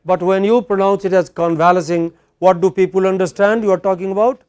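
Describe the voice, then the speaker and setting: Brief: middle-aged Indian English lecturer, higher male voice, dry close sound, drills and quizzes the class. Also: steady tone, fast, dark tone, smooth, no echo. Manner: quizzing students, repeating words for drill. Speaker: English pronunciation teacher.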